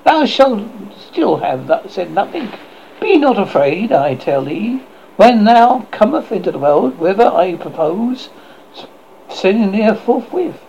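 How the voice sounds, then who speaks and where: A man's voice: sits high, very animated, a little slow, creaky, darkish tone, a little hiss or hum, full character voice. A man voicing a grim, scheming old witch, speaking in stern, archaic, theatrical tones. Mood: doting. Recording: muffled lo-fi recording.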